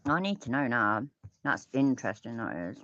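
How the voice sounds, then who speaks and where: Sweary british woman, low lively voice. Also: moderate pace, dull audio. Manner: sweary, chatty, laughing asides. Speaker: livestream host reacting to videos. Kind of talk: casual live reaction commentary.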